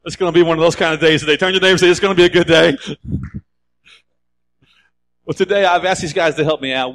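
A man's voice: fairly high pitch, steady tone, fast talker, long pauses, a bit bright. Chatty male pastor preaching. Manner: chatty, joking storyteller. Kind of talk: sermon.

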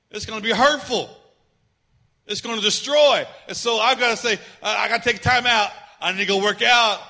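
A middle-aged male pastor preaching a sermon conversationally, telling humorous personal stories and swinging between loud emphasis and quiet asides. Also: very high-pitched.

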